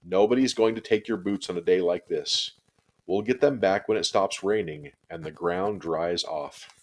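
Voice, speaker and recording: A man voicing a kind but firm kindergarten teacher who speaks gently. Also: low-pitched, moderate pace. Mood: soothing.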